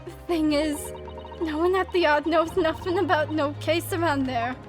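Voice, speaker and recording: A woman's voice: sits high, fairly even intonation, moderate pace, over music, close to an everyday voice. Woman voicing a tough young police girl. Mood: distraught. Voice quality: rough working-class speech. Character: young female scrappy London police apprentice.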